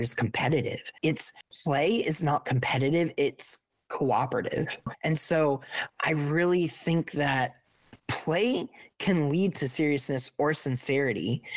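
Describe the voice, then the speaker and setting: A woman's voice: deep voice, dry recording. A woman in her thirties co-hosting a podcast, talking in a thoughtful, reflective way, often restarting sentences and asking questions. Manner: thoughtful, asks many questions; frequent restarts, searching for words. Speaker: podcast co-host.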